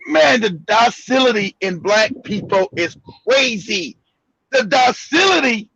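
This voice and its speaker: High-pitched gravelly man ranting bluntly. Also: big pitch swings, measured pace, fairly bright tone, no echo, dull audio. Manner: blunt, profane, mocking, repeats himself. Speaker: host. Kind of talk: heated commentary on news clips.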